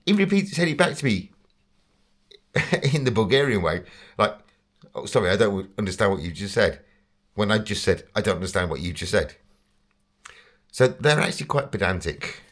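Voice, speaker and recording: Chatty Englishman telling a rambling story. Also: lowish voice. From England. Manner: chatty, rambling, self-deprecating, laughs often. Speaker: vlogger. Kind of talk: casual storytelling monologue.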